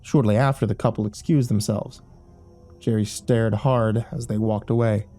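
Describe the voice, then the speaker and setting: A man's voice: lowish voice, fairly even intonation, normal speed, warm tone, faint music behind. A man narrating a first-person horror story in a wry, dry audiobook style.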